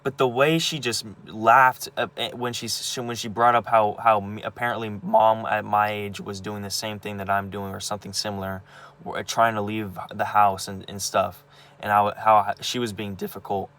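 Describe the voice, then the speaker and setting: A man's voice: fairly low pitch, level tone, fairly bright tone. A young man venting angrily about his family in a personal vlog, stumbling, restarting and swearing as he talks. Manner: angry, halting, many restarts and swearing. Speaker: vlogger. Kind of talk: emotional personal rant.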